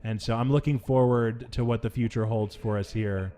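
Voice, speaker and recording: A young adult man hosting a let's play, talking over the game in playful mock outrage with big swings in pitch. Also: fairly even intonation, moderate pace, mellow. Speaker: gaming channel host.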